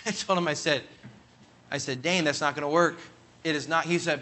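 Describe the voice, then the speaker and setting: A man's voice: normal speed, noisy background. A man preaching, telling a long personal story earnestly and with emphasis, and quoting others as he goes. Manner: earnest, emphatic, builds to loud high peaks when quoting others. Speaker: pastor. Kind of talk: sermon storytelling.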